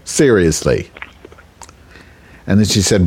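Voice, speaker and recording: A man's voice: on the low side, expressive, normal speed, a little mellow. A man hosting a show, telling a raunchy comic story in a rambling, self-interrupting way. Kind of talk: crude comedic storytelling.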